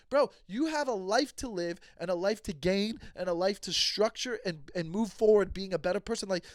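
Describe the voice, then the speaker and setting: A man's voice: high voice, no echo, studio quality. A comedian hosting his podcast, telling a story in a heated, profane rant and acting out both sides of the conversations. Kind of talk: casual storytelling monologue.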